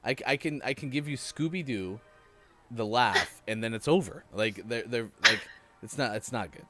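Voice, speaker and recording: A man co-hosting a morning show, reading lottery stories in a relaxed, joking way. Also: mid-range voice, moderate pace, over loud music. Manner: relaxed, joking, reads from a list. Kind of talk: casual chat, reading news items.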